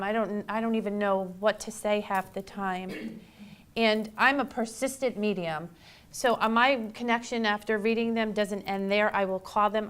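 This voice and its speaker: A woman medium addresses the grief support group she leads. Her voice sits at a middle pitch, and her delivery is emotional and halting, full of fillers and restarts. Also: clear, resonant tone.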